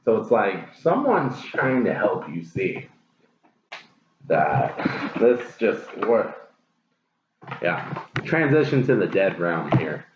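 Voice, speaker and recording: A man's voice: fairly low pitch, sing-song, slow pace, long pauses. A man giving a casual tarot reading, blunt and profane, repeating his phrases for emphasis. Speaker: tarot reader. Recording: roomy, dull lo-fi with clear hiss.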